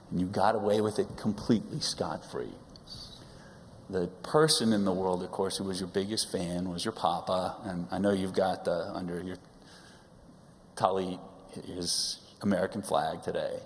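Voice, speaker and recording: A middle-aged father giving a speech at his son's coming-of-age service in a synagogue, full of wry teasing humor and halting pauses. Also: low-pitched, steady tone, a little hiss or hum. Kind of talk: personal speech at a religious service. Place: large synagogue sanctuary. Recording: long hall reverb.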